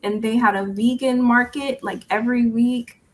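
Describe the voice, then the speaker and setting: A young woman tutoring English over a video call, patient and gently correcting, often laughing. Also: a little high, fairly even intonation, moderate pace, background noise. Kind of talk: casual online tutoring chat.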